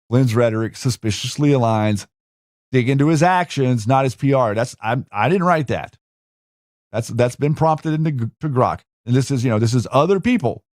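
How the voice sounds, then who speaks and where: A man's voice: mid-range voice, darkish tone, no room sound, clean studio sound. A man hosting a show, talking casually while screen-sharing, with rambling restarts and rhetorical questions. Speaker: host.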